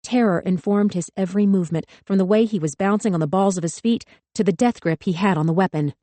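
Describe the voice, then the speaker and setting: A woman narrating a thriller audiobook in a measured, tense way. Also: medium pitch, warm tone, dry recording. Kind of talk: scripted narration.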